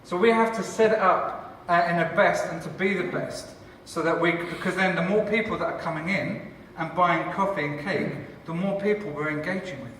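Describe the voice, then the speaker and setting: A man, a church leader and cafe founder, giving a lively conference talk with jokes for the audience. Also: high voice, moderate pace, few pauses, a little hiss or hum. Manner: enthusiastic, joking, chatty with the audience. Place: large conference hall. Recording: echoey hall from far off.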